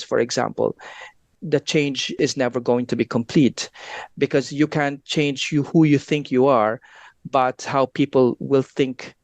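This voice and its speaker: A man's voice: medium pitch, dry recording. A man, a guest researcher, explaining his ideas earnestly and at length in an interview. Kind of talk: academic interview chat.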